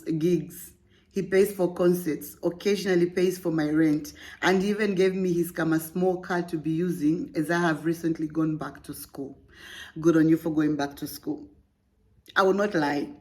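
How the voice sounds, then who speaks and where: Lower-voiced woman podcast host. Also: darkish tone. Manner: playful, laughing, teasing asides. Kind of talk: reading a listener story aloud with commentary.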